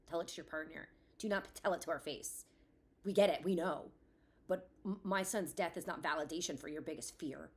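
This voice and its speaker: A woman in her thirties hosting a candid solo podcast, blunt and profane, swinging between ranting and quiet reflection. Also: sits low, moderate pace. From Florida. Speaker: podcast host.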